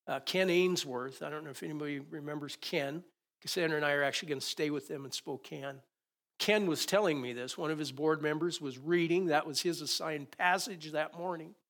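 A pastor preaching in a fairly high voice. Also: male voice, a little fast. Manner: conversational preaching, joking, swings between loud emphasis and quiet asides. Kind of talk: sermon. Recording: preached into a microphone.

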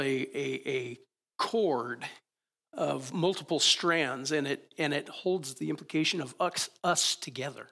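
Male pastor with a gravelly, slightly raised voice, preaching in an informal style full of rhetorical questions. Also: a little high, a bit bright. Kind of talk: sermon.

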